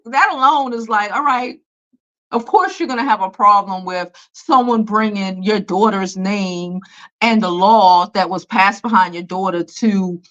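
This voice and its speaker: A woman's voice: medium pitch, fairly bright tone, lo-fi sound. A young woman, hosting a casual celebrity commentary vlog in a blunt, profane, dismissive way with many fillers. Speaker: beauty and celebrity news host.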